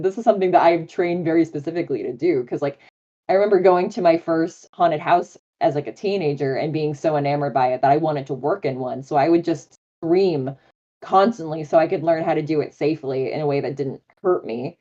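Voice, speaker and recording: A woman's voice: deep voice, a little fast, warm tone, highs cut off. A woman voice actor as a guest on a live interview chat, talking in a bubbly, enthusiastic way with many fillers.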